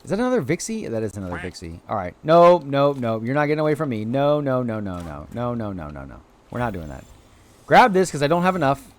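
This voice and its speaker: Lively excitable male game streamer. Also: fast talker. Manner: excitable, chatty, bursts of high-pitched exclamations. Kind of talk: live gameplay commentary.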